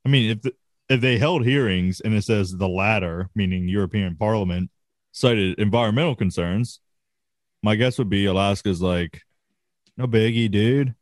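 Laid-back profane man, low voice. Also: normal speed, dry recording, studio quality. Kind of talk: casual chat.

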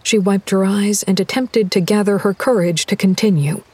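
A woman reading a horror audiobook in a measured, deliberate storytelling voice. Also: mid-range voice, fairly even intonation, dark tone, husky, dry recording. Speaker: narrator. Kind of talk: scripted horror audiobook narration.

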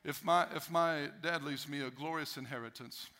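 A man's voice: fairly high pitch, steady tone, moderate pace, bright, forceful tone. A male pastor preaching a sermon emphatically, repeating key phrases for effect.

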